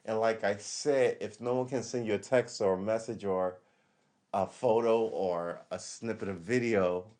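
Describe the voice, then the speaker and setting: A man's voice: on the low side, steady tone, measured pace, darkish tone. A man hosting a live stream, rambling through casual commentary, correcting himself and reading the chat aloud.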